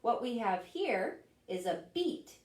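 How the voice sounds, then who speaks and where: A woman librarian leads a children's storytime at an unhurried pace, her pitch rising and falling with lots of life. She stands some way from the mic in an echoey room. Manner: animated, asks the children questions. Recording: roomy echo, voice from a distance.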